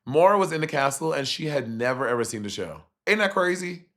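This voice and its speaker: A man chatting casually on a livestream as he reacts to a reality show, animated and profane, with sudden jumps in pitch. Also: fairly quick. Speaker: streamer reviewing a reality show.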